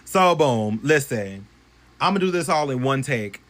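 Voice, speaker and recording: A young man casually telling a story to his phone camera at home, animated and profane, swinging from loud bursts to hushed asides. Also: mid-range voice, unhurried. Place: bedroom at home.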